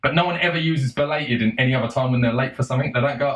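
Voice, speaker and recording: A man's voice: medium pitch, rapid-fire, few pauses, roomy sound, rough recording. A man ranting in a casual monologue, exasperated and sarcastic, swearing and laughing between points. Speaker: vlogger.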